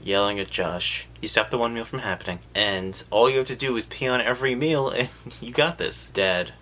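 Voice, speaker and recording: A man giving a sarcastic, profane comedic recap of a film, jumping into quick voices for the characters. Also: mid-range voice, sharp tone.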